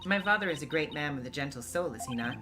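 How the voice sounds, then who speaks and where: A man's voice: on the high side, animated, fast talker, pitched above the performer's own voice, natural voice. A man voicing a haughty young royal who speaks in a formal, condescending way, with game music behind.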